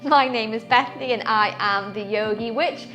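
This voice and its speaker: Young female yoga teacher, soothing and fond, light high register. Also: moderate pace, fairly bright tone, lo-fi sound, faint music behind. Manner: soothing, affectionate, calls viewers "my loves". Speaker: yoga instructor. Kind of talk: guided yoga class.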